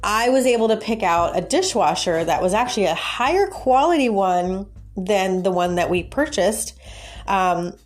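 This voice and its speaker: A woman hosting a podcast, telling a personal story in a casual, animated way and laughing often. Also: medium pitch, normal speed, soft background music. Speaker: podcast host and life coach.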